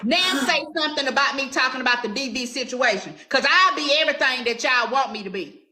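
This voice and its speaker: Host, Southern woman, high bright voice, sassy and combative, echoey room. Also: a little fast. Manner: sassy, confrontational, drawling. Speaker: commentary show host. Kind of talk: heated commentary chat.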